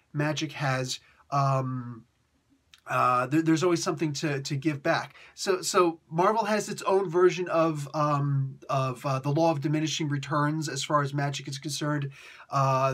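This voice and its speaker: Man, comic review host, casual chat, animated, husky, higher voice. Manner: animated, chatty, jokey asides.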